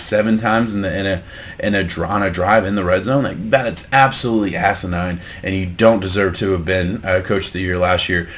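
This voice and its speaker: A man hosting a casual sports reaction show, talking through games and getting heated in long rants with restarts and swearing. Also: low-pitched. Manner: laid-back reactionary musing. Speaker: sports podcast host.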